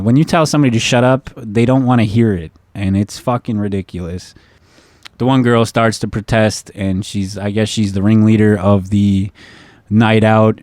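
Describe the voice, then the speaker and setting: Rambling, profane man with a low voice. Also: darkish tone, no echo. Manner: profane, rambling, many fillers. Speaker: podcast host. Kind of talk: casual storytelling.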